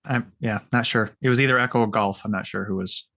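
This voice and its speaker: A man's voice: fairly low pitch, fast talker, fairly bright tone, dry recording, studio quality. A man in casual chat, careful and hedging, unsure of the details he recalls.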